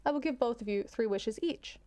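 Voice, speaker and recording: A woman voicing a matter-of-fact genie in a spoken joke, with quiet, routine replies. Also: fairly high pitch, fairly quick, natural voice. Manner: dry, routine.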